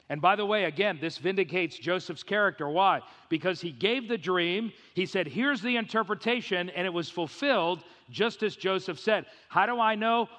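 A pastor with a high-pitched, somewhat bright voice preaches an expository sermon in a reverberant hall. His delivery is emphatic, filled with rhetorical questions and acted-out quoted voices.

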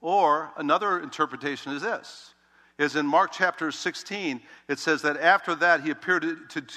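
A male pastor preaching a sermon, telling the story with animated emphasis that swings between loud, urgent lines and hushed, quiet ones. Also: fairly high pitch, normal speed. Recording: long reverb of a large hall.

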